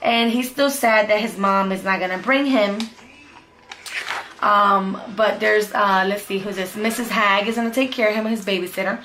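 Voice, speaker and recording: A woman's voice: mid-range voice, fairly even intonation, normal speed, bright, forceful tone, slight background noise. A woman vlogging as a homeschool mom, chatting casually and cheerfully about favorite picture books. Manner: chatty and upbeat, repeats "super cute". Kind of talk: casual book review vlog.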